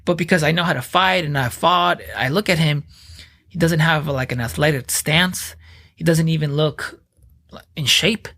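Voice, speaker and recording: A man in his thirties tells his story on a podcast in a slightly high voice. His delivery is blunt and animated, with plenty of profanity in casual speech. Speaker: podcast guest, veteran.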